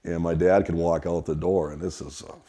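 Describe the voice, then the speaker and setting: This middle-aged Wisconsin man, a restaurant kitchen worker, has a low voice and a brisk pace. Interviewed for his stories, he rambles easily through memories of his childhood at the family restaurant in Wisconsin, USA.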